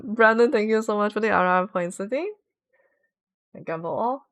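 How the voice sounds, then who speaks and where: A woman's voice: fairly high pitch, measured pace, long pauses. A woman streaming a game, chatting casually and giggling as she reads viewer messages aloud. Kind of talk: casual livestream chat.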